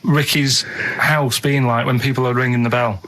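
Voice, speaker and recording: A man with a Mancunian accent, a regular on a radio show, rambling in a deadpan way during studio banter. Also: medium pitch, normal speed, low-quality recording.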